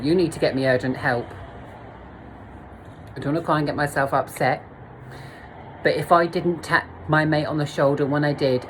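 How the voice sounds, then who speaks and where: Woman vlogger, low-ish voice, blunt and sweary, laughing at herself, faint hum behind. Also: low-quality recording. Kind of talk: candid storytime monologue.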